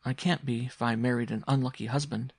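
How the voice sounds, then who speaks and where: A man reading a story aloud, voicing a weary mother who speaks in a measured, bitter way. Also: medium pitch, fairly even intonation, gravelly, slightly rough, no echo, studio quality, voice pushed up.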